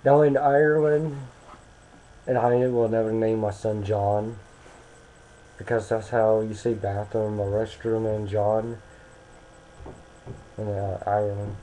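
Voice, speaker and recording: A man's voice: on the low side, flat delivery, takes it slowly, pauses often, warm tone, slight background noise, rough recording. A young American man talking casually into a webcam, rambling and hesitant with many restarts. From United States.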